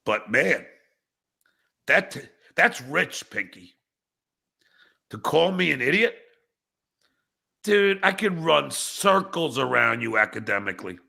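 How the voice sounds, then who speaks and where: A man hosting a livestreamed podcast who rants angrily at chat commenters, swearing and breaking into shouts, then reads viewer messages aloud and mocks them. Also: fairly high pitch, big pitch swings, slow pace, vocal fry, pauses often. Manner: angry, profane, bursts into shouting; reads viewer chats aloud with mocking replies. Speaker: podcast host.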